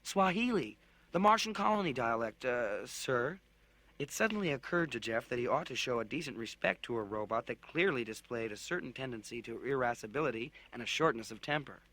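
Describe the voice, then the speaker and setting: A man narrating a children's science fiction audiobook in an expressive storytelling manner. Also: medium pitch, fast talker, hardly any pauses. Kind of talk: audiobook narration with character voices.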